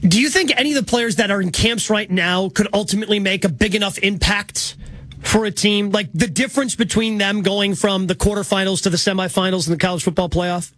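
High-voiced, dry-sounding radio host. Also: male voice, fairly quick, a bit bright, no room sound. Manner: conversational, leads with questions. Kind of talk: radio hosting.

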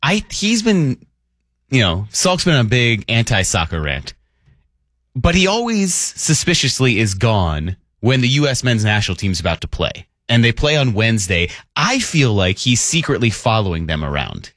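A man's voice: mid-range voice, sing-song, normal speed, fairly bright tone, dry recording. A man co-hosting a morning sports radio show from a studio, joking and reading listener texts aloud in an upbeat way. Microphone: studio microphone.

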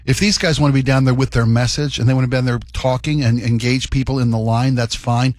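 A man's voice: mid-range voice, steady tone, quick pace, a little mellow, dry recording, studio quality. A man co-hosting a talk radio show, giving opinions and often stumbling over restarts. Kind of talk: casual talk radio banter.

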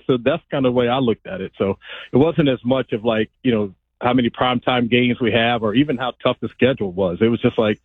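A man's voice: mid-range voice, quick pace, slightly rough, no echo. A man, a former pro football player and analyst, calling in and telling stories in a laid-back way. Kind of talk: casual phone-in interview. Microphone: phone line. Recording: tinny phone line.

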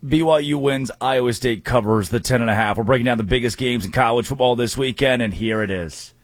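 A man hosting a sports talk show, making college football picks with quick wisecracking asides. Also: mid-range voice, dry recording. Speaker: sports radio host.

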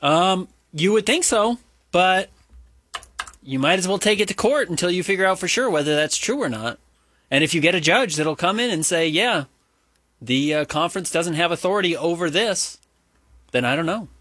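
A man in casual sports radio banter, opinionated and rambling with plenty of fillers. His slightly high voice swings widely in pitch as he gets worked up. The sound is close and dry. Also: expressive, moderate pace, sharp tone, no room sound. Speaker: sports talk co-host.

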